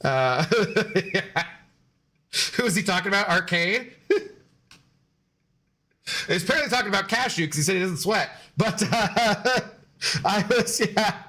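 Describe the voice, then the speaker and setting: A man's voice: high-pitched, animated, unhurried, long pauses, sharp tone. Chatty, laughing man streamer. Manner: loose, chatty, laughs often, swears casually. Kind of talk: casual live-stream chat with viewers.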